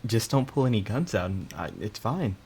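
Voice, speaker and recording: A man's voice: fairly low pitch, lively intonation, moderate pace, background noise. A man playing a tabletop role-playing game, speaking in character in a defensive, indignant way.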